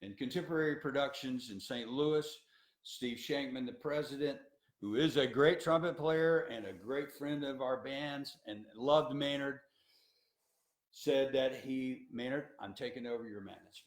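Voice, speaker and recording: A man's voice: mid-range voice, measured pace. A man who works as a tour coordinator gives an educational talk to students, in a folksy, emphatic storytelling style full of restarts. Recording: roomy echo.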